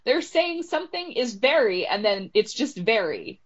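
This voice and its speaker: A woman's voice: fairly high pitch, sing-song, normal speed. Laughing, chatty woman author, lo-fi. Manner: laughs often, chatty, trails off. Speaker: author guest. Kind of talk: casual interview chat. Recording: dull lo-fi recording.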